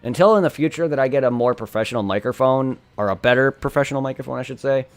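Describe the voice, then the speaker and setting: A man's voice: medium pitch, fast. Guy rambling about his mic setup at home, desk condenser mic, faint music behind. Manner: rambling, restarts mid-word. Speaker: streamer. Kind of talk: casual tech talk. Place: home room by a humming computer.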